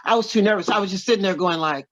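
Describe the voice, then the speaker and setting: Older woman telling an animated story. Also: medium pitch, rapid-fire, muffled recording. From Oklahoma, USA. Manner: animated, acts out other people's lines while telling a story. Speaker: guest, professional singer. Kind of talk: casual interview storytelling.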